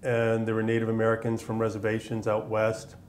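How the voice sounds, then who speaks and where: A man's voice: lowish voice, monotone, brisk, darkish tone, slight background noise. Talkative veteran man from Massachusetts. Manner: conversational, rambling with many fillers. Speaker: veteran interviewee. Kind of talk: oral history interview.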